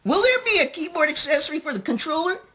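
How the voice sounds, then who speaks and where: A man putting on a high, squeaky falsetto to read a dim-witted male blogger's comments out loud as a mocking parody. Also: very animated, quick pace, full character voice. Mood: whiny mocking.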